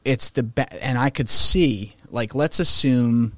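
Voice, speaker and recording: A man talking in a casual podcast conversation, animated and opinionated, swearing freely and slipping into mocking voices for quotes. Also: mid-range voice, takes it slowly, no room sound, studio quality.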